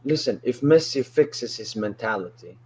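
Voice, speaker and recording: A man's voice: mid-range voice, expressive, moderate pace, darkish tone, a little hiss or hum. A man on a football podcast, pushing his talking points in casual chat. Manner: pushy, raises talking points. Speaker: podcast panelist.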